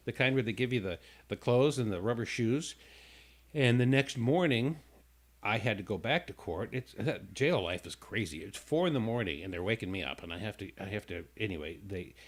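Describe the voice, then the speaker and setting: A male radio host at middle pitch tells a long personal story in a casual, rambling way. He stumbles and restarts often and briefly acts out the other people in it.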